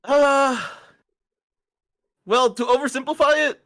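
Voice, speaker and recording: Playful bright-voiced male guest. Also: extremely high pitch, slow, dry recording. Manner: playful, giggly, swears casually. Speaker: guest, streamer. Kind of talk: casual chat.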